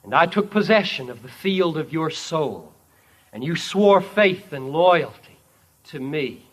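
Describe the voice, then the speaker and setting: A man preaching, speaking as Jesus as a calm, commanding sovereign king in an imagined story. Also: fairly high pitch, unhurried. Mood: assuring. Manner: solemn, commanding.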